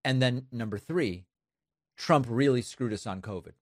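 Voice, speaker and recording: Sarcastic political commentator, male, mid-pitched, dry studio sound. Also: moderate pace, dry recording. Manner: emphatic, sarcastic. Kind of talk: opinion commentary.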